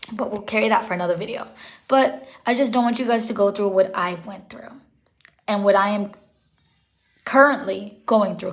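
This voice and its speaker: A young woman talking casually in a vlog, earnest and rambling, correcting herself as she goes, emotional and holding back tears. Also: mid-range voice. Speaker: pet vlogger.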